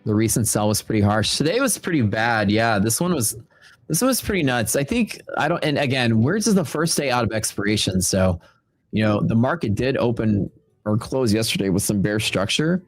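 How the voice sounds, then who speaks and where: Texan man, low voice, easygoing livestream host rambling between charts, faint music behind. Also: no room sound. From Texas. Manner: laid-back, rambling, filler-heavy. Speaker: trading stream host. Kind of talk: casual livestream chat.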